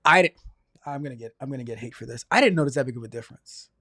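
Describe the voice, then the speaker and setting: A man hosting a casual livestream, chatty and energetic, rambling along and stumbling over repeated words. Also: mid-range voice, very fast, no room sound, clean studio sound. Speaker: livestream host.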